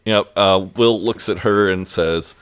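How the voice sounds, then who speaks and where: A man with a low, clean, slightly bright voice speaks a little slowly as he co-hosts a podcast. He recaps a TV episode casually, in a loose, chatty manner packed with fillers.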